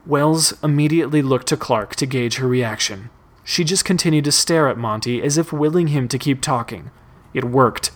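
A man narrating a fan story in a plain, measured reading. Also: mid-range voice.

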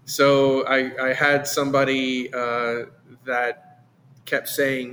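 Guy chatting about his meadery, keeps restarting his sentences, middle-pitched, easygoing. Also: monotone, takes it slowly, fairly bright tone, a little hiss or hum. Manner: rambling, repeats words and restarts often. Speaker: meadery owner. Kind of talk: casual interview chat.

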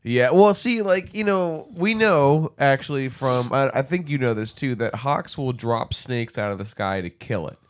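A man co-hosts a casual comedy podcast, and his delivery is loose and full of swearing. He laughs easily and riffs off his partner. His voice sits at a middling pitch. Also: lively intonation, moderate pace, hardly any pauses. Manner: laughing, loose, profane banter. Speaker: podcast co-host.

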